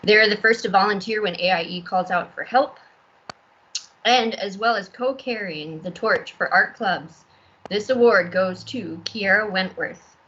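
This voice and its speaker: A woman's voice: mid-range voice, measured pace, a bit bright, a little hiss or hum. A woman presenting an award, nervous and laughing now and then as she speaks. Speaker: art instructor presenting an award. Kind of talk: emotional award speech. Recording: dull lo-fi sound.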